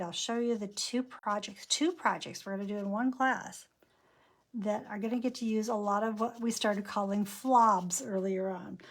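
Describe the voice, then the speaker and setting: A woman with a slightly higher voice leads a painting lesson. She keeps up a running, chatty commentary on every brushstroke and color as she paints. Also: a bit bright. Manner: chatty, narrates each brushstroke aloud. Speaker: painting instructor.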